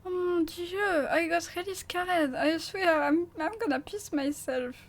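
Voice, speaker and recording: A woman's voice: extremely high pitch, a little slow. A woman with a French accent giving live gameplay commentary as a streamer, jumpy and stammering, swearing and laughing often.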